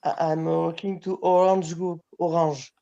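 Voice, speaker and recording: A man, speaking haltingly in a casual group chat over a video call. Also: on the high side, flat delivery, vocal fry, dull audio, over a noisy crowd. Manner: hesitant, halting. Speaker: guest in a live chat.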